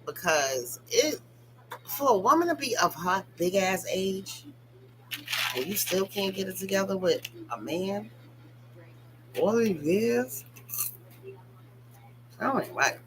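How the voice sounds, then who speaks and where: Woman spilling reality tv tea, animated and cussing, mid-pitched voice, bit of noise behind. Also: takes it slowly, pauses often. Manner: animated, blunt, profane, talks straight to viewers. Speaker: reality TV commentator. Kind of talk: casual gossip commentary.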